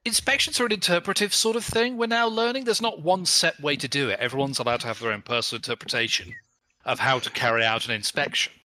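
A man's voice: medium pitch, fast talker, pushed and bright, slight background noise. A man from Buckinghamshire with an English RP accent, chatting and joking as a player in an online tabletop game. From Buckinghamshire, England.

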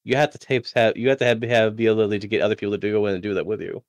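A man's voice: lowish voice, racing, no room sound. Rambling man playing a tabletop game. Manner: rambling, self-deprecating, restarts a lot. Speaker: player. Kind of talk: casual tabletop game play over voice chat.

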